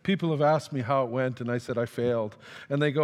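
Fast-talking, with a medium-pitched, darkish voice, a male pastor delivers a sermon built around a personal story. He's conversational and self-deprecating and acts out the dialogue. The church sanctuary gives the sound the long reverb of a large hall.

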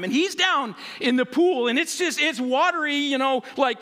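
A man preaching a sermon, telling a personal story in an animated way and acting out voices. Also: extremely high pitch, normal speed, hardly any pauses.

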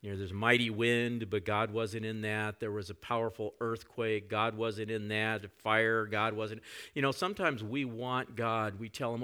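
Low-voiced man preaching a gentle sermon. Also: fairly even intonation, measured pace, smooth. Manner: conversational, often drops to soft reflective tones. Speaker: pastor.

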